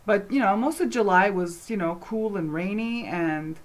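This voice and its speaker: A woman vlogging at home, answering questions in a casual, rambling chat full of fillers, animated and passionate as she talks. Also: medium pitch, moderate pace. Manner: animated and passionate when speaking.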